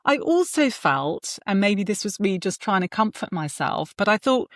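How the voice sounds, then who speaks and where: A woman's voice: medium pitch, moderate pace, dry recording, studio quality. A woman in her forties, a guest, telling candid parenting stories in conversation and acting out the voices she quotes. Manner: animated, acts out quoted voices. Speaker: guest, surgeon and author.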